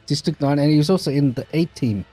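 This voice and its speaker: A man's voice: fairly high pitch, fast talker, warm tone, breathy edge. A man, co-hosting a radio show and chiming in with playful, jokey banter. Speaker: radio co-host. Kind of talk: casual banter.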